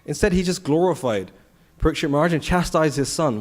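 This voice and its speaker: Male temple speaker, slightly high voice, chatty storytelling scripture class. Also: fairly quick. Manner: conversational, animated storytelling with rhetorical questions. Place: temple hall.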